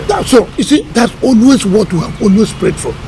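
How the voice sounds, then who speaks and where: A man's voice: high-pitched, very animated, a little fast, dark tone, a little hiss or hum, poor audio. A middle-aged man, a government minister in a press interview, talking in an emphatic, combative way and often repeating words. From Nigeria.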